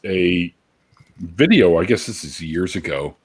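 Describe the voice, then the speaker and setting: A man on a livestream calmly explaining a photo to the others, with pauses and fillers. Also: low voice, husky. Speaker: livestream guest. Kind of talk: casual chat.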